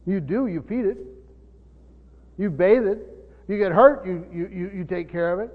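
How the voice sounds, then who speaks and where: A man preaching a Bible study sermon, often pausing, repeating words and asking his listeners questions. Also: high voice. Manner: halting, repeats words, asks the room questions. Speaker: pastor. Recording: tinny phone-like sound in a reverberant hall.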